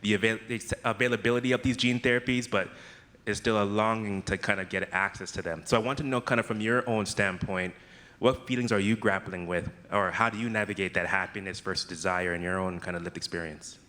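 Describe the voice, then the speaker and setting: A man's voice: fairly low pitch, fairly even intonation, brisk, bright, forceful tone, big-room sound. A man moderating audience questions at a conference, enthusiastic and reflective. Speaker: session moderator. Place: conference hall.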